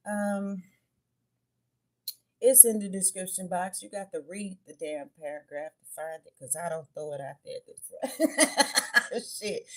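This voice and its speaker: A woman's voice: on the low side, darkish tone. A woman giving a casual tarot and oracle card reading to her viewers, chatty and blunt, swearing freely and calling them babies and y'all.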